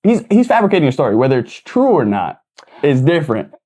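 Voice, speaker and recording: A man co-hosting a podcast, chiming in with quick agreement and joking remarks in casual chat. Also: fairly high pitch, big pitch swings, mellow. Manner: quick, agreeable backchannel and wisecracks. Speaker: podcast co-host.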